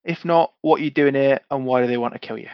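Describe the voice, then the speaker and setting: A man's voice: medium pitch, fast talker, smooth, no echo. Guy at a tabletop game, blunt and sweary, dull dry sound. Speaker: player. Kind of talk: tabletop game play, in character.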